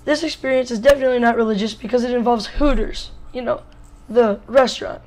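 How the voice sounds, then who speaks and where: A boy in his early teens from Wisconsin tells a storytime vlog in a slightly hoarse voice. He jokes and rambles, filling his talk with "like.". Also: very high-pitched, fast talker, a little mellow, poor audio. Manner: jokey, rambling, lots of "like" fillers. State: a little hoarse. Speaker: vlogger.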